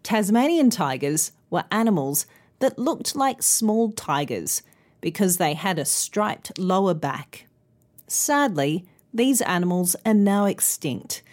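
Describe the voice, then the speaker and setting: A woman presenting a scripted pronunciation podcast lesson in a clear, careful, instructive way. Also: mid-range voice, a little mellow. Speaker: pronunciation teacher and news presenter.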